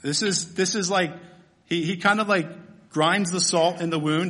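A man's voice: high-pitched, fairly even intonation, measured pace, a bit bright. A man preaching a sermon in a church, humorous and conversational, often asking his listeners questions. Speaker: pastor.

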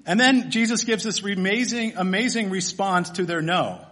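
A man's voice: sits high, normal speed, few pauses, fairly bright tone. A man preaching a sermon in a church, humorous and conversational, often asking his listeners questions. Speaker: pastor.

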